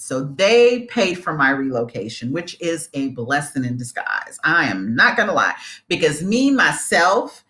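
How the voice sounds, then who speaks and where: A woman with a low voice talks straight to her viewers in a casual vlog. Her pitch swings widely as she makes her points. She is earnest and animated and repeats key phrases for emphasis. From United States. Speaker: vlogger giving advice on moving abroad. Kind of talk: casual advice talk to camera.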